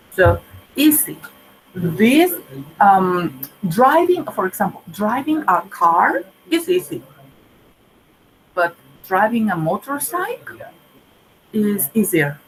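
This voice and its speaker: Lady teaching english grammar, slow and patient, faint hum behind. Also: mid-range voice, low-quality recording. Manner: slow, patient, spells out endings with examples. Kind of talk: online grammar lesson.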